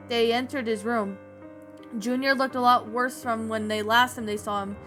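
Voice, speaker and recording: A woman reading a creepy story aloud in a plain, slightly halting way. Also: fairly high pitch, steady tone, fairly bright tone, faint music behind.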